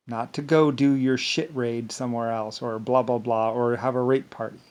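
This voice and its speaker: A man's voice: mid-range voice, fairly even intonation, moderate pace, darkish tone. A man delivering an angry, rambling monologue, swearing, stumbling over words and filling gaps with "blah, blah.". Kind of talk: monologue rant to camera.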